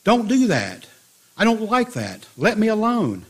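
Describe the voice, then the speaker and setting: A man's voice: lowish voice, unhurried, fairly bright tone, husky, voice pushed down. A man voicing a talking teacup that cries out and begs to be left alone. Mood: protesting. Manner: pleading, cries out under each ordeal. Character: suffering talking teacup, whiny and pleading.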